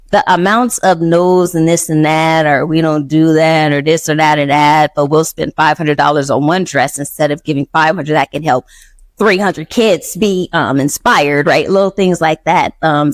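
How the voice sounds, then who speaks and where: A woman hosting a podcast, telling a personal story in a casual, animated way, acting out quotes and laughing often. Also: lowish voice, no room sound. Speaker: podcast host.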